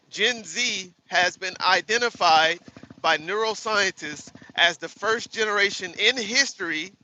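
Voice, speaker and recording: A man's voice: high-pitched, sharp tone, slight background noise, poor audio. A man driving a truck and live streaming, ranting and swearing in a casual, exasperated way from inside his cab. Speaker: truck driver livestreamer. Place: truck cab on a bumpy road. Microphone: phone.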